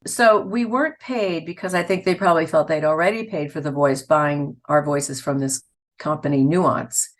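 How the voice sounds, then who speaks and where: Older woman, lowish voice, chatty storyteller, laughs a lot. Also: normal speed. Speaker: voice actor guest. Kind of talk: casual interview chat.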